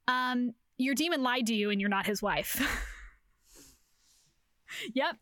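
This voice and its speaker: A woman's voice: mid-range voice, normal speed, pauses often, no room sound, studio quality. A young woman co-hosting a podcast, casually recapping a romance novel, swearing and acting out the characters as she goes. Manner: animated storytelling, acts out characters, swears, laughs often. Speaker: podcast co-host. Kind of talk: casual book recap chat.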